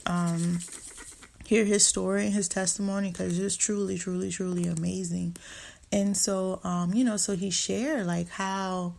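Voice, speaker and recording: A woman's voice: fairly low pitch, vocal fry. A woman hosting her own talk show, telling a personal story in a casual, chatty way, filling it with "like" and "you know" and acting out what people said. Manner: chatty, lots of "like" and "you know", acts out quotes. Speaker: podcast host.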